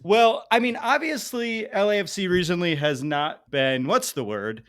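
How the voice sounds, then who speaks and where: A man's voice: high voice, lively intonation, normal speed, a bit bright. A man hosting a casual podcast interview, asking long, rambling questions with jokes and frequent laughs. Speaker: podcast host.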